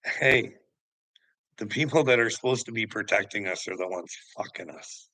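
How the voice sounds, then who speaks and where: A man's voice: on the low side, normal speed, pushed and bright, no echo, rough recording. A man ranting casually, swearing often and rambling between thoughts. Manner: profane, rambling, laughs often. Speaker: host.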